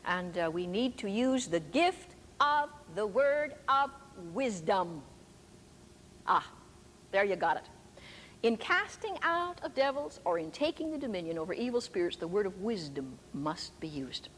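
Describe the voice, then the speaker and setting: An older woman who preaches and teaches speaks at a measured pace in a medium-pitched, slightly bright voice with big pitch swings. Her sermon features emphatic storytelling, captured in an echoey hall with faint noise in the background.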